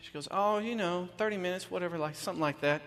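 A man's voice: high-pitched, fast, fairly bright tone. A man giving a chatty sermon, telling a self-deprecating story before he turns to teaching. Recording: long reverb of a church hall.

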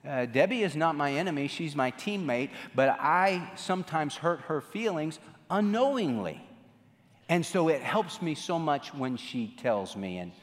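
A man giving a lively talk on marriage to an audience, acting out his own past lines as he tells the story. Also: a little high, a little slow. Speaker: marriage speaker. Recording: reverberant hall.

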